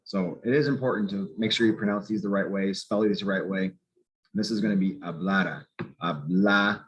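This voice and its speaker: A man's voice: fairly low pitch, steady tone, a little fast, a little mellow. A man teaching a language grammar lesson, explaining step by step in a patient, methodical way and spelling out letters. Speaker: Spanish teacher. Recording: slightly muffled lo-fi recording.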